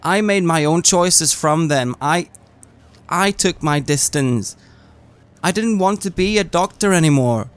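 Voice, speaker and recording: A man plays his character in a tabletop game, speaking slowly in halting, earnest phrases. His voice sits slightly high. He stammers often as he searches for words. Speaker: player.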